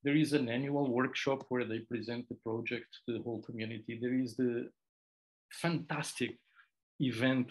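A man's voice: mid-range voice, vocal fry, low-quality recording. A middle-aged man who directs a doctoral programme, giving an informal, conversational presentation to students, with digressive, self-deprecating asides.

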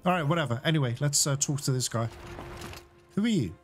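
A man's voice: fairly high pitch, expressive, quick pace, soft background music. A man giving chatty let's play commentary, swearing casually and talking straight to his viewers. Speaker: gaming YouTuber.

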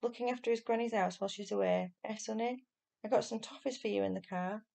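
A shifty grown-up crook, as a woman reads him aloud from a storybook, coaxing a child with slangy cheer before turning to snarls. The voice has a gravelly edge. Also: mid-range voice, steady tone, fast talker, darkish tone. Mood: wheedling. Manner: wheedling then snarling, slangy. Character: gruff, sly adult male burglar, turns nasty.

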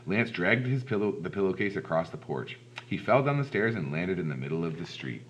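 A man reading a children's storybook aloud in an expressive, animated way. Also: sits low, fairly quick, background noise. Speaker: storybook reader. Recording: dull lo-fi recording.

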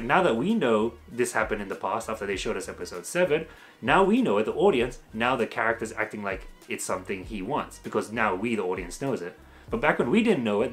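A man giving a casual, ranting spoken review, exasperated and mocking, slipping into sarcastic quoted asides. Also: mid-range voice. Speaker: video reviewer.

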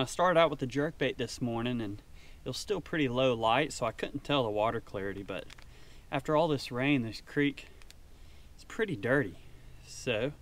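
A man narrating a casual fishing vlog from a small boat on a creek, talking excitedly to the fish and his viewers. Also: mid-range voice. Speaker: fishing vlogger. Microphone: chest-mounted action camera.

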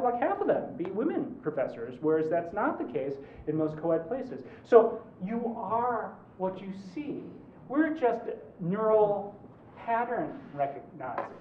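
A man in his forties, a law professor giving a conversational lecture, animated and joking, with quick asides. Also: high-pitched, slight background noise. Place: large lecture hall. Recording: roomy, distant, dull hall recording.

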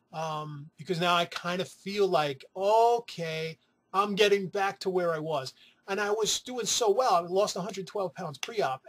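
Husky, high-voiced New man chatting. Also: fairly bright tone. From New York City. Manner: chatty, rambling, profane, with playful asides. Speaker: weight-loss vlogger. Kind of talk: casual chat to camera.

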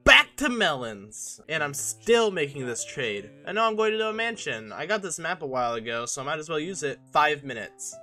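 A man's voice: fairly high pitch, animated, brisk, hardly any pauses, pushed and bright, soft background music. A young man giving a casual, joking and self-mocking voice-over on his own gameplay footage. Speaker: gaming channel host.

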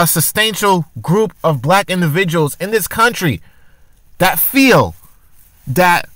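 High, bright-voiced man ranting. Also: dry recording. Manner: argumentative, with rhetorical questions and frequent restarts. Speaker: commentary vlogger. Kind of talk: casual opinion commentary.

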